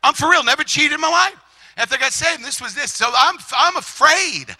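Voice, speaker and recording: A middle-aged man preaching a lively testimony sermon, shouting and animated, acting out quotes as he tells the story. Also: very high voice, brisk, rough recording.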